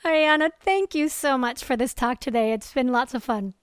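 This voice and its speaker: A woman hosts a podcast in an upbeat, chatty way, her voice sitting high. The sound is dry and close, with no room around it. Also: normal speed, clean tone, no echo. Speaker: podcast host. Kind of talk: casual interview chat.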